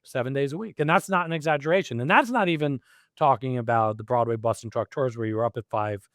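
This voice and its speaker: A middle-aged man talking as a guest in a casual interview, animated and quick to laugh, acting out his own quoted lines. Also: mid-range voice, dry recording, studio quality. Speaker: podcast guest, executive coach.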